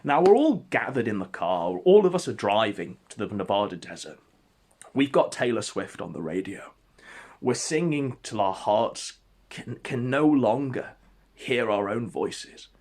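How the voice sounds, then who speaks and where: A man telling an absurd comic story in a mock-epic, deadpan way. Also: fairly low pitch, a little slow. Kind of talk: comedic storytelling.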